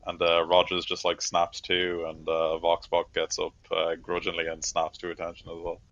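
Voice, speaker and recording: A man narrating as game master of a tabletop role-playing game, relaxed and rambling with many fillers. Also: deep voice, moderate pace, dry recording, highs cut off.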